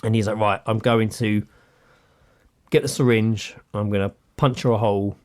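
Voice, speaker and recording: A man's voice: on the low side, normal speed. A man co-hosting a podcast, telling a story in casual chat and acting out what people said, with a lot of swearing. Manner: animated, acts out quotes with swearing. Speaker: podcast co-host.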